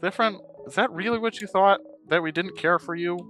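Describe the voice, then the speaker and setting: A man's voice: brisk, a bit bright, soft background music. A man voicing an earnest, upbeat young woman companion from a video game in a raised, light voice. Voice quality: high, light voice. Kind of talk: reading game dialogue aloud.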